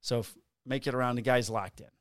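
Man, mid-pitched, dry close mic. He tells a rowdy, profane cop story. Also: fast talker, dry recording. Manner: profane, animated, acts out quotes. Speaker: police officer guest. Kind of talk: casual storytelling.

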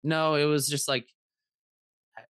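A man's voice: a little high, a little slow, smooth, no room sound, studio quality. A man in his thirties, a podcast co-host, telling casual stories full of fillers and restarts. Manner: rambling, animated anecdotes with many fillers. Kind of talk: casual storytelling chat.

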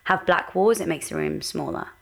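Low-voiced woman chatting with slight fry. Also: animated. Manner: earnest and chatty, with many pauses. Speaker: podcast co-host. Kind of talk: casual chat.

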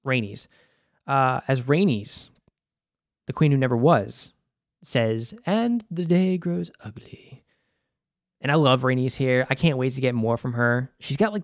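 A young man with a Boston accent talks through a TV episode in an easygoing, rambling way, swearing freely and filling gaps with "like" and "uh." His voice sits at a middle pitch, and the recording is close and dry, with no room sound. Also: no echo. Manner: loose and conversational, swears freely, many fillers. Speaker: host. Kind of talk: casual episode recap.

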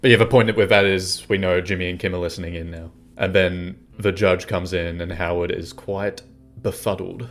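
A man co-hosting a casual chat, recapping scenes in a relaxed, slangy way. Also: deep voice, moderate pace, soft background music. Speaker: podcast co-host.

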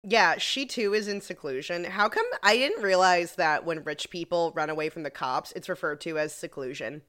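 A woman's voice: on the low side, normal speed, fairly bright tone. Chatty sarcastic woman co-host. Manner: chatty, sarcastic, many "like"s, laughs while retelling. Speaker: podcast co-host. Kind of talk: casual recap chat.

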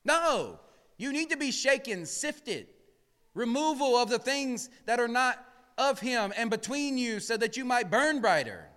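A man preaching with a high, bright voice that rings out in a church hall with a long reverb. His tone is smooth and clear. He sinks to near-whispers, then builds to shouts, and asks the room to answer him back. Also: big pitch swings, measured pace. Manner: swings from hushed murmurs to shouted emphasis, calls for responses. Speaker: pastor. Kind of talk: sermon. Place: church sanctuary.

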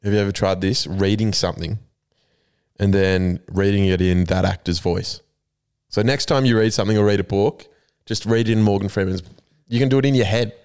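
A man's voice: lowish voice, fairly quick, clean tone. A man with an Australian accent, co-hosting a podcast in casual banter and telling rambling stories with plenty of swearing. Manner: animated rambling storyteller, swears freely. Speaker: podcast co-host.

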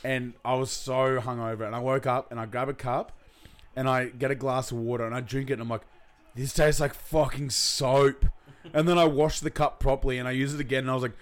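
A man's voice: mid-range voice, quick pace. A man, co-hosting a podcast in casual chat, telling rowdy stories with laughs and swearing. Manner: laughing storyteller, swears freely. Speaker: podcast co-host.

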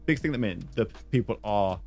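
A man's voice: lowish voice, lively intonation, a little fast, a little mellow, soft background music. A man hosting a podcast in casual chat, rambling with lots of fillers and teasing his guest. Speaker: podcast host.

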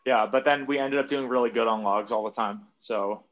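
Podcast guest, man, mid-pitch, easygoing rambling storyteller, swears casually, a bit muffled audio. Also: brisk, a bit bright. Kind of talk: casual conversation.

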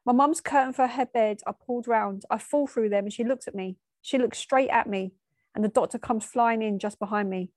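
A woman telling a painful personal memory, tearful and halting, often stopping and restarting. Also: on the high side, darkish tone, dry recording, studio quality. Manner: halting, emotional storytelling with restarts. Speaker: storyteller. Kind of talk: personal spoken memoir.

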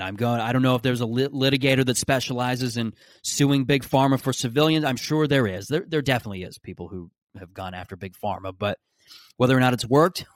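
A man's voice: mid-range voice, no room sound, studio quality. A young man, hosting a casual solo podcast, rambling with restarts and self-mocking jokes. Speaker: podcast host.

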